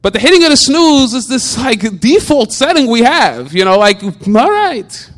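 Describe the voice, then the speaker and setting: A man's voice: very high voice, normal speed. A man giving an informal religious talk, full of rhetorical questions, often stuck repeating a word before going on. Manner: repetitive stammering restarts, animated rhetorical questions.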